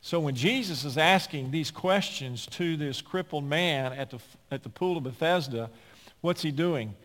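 Male pastor, sermon delivery, fairly high voice, dramatic loud-soft swings, long church reverb. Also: normal speed. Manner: emphatic preaching with dramatic swings between loud and hushed. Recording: long reverb of a large hall.

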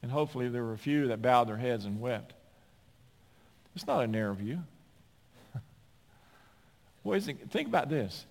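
A man's voice: medium pitch, expressive, moderate pace, vocal fry, long pauses. Fiery preacher man in a reverberant hall. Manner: emphatic preaching that builds toward near-shouting; folksy asides and repeated words. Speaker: pastor. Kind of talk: sermon. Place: church sanctuary. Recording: long reverb of a large hall.

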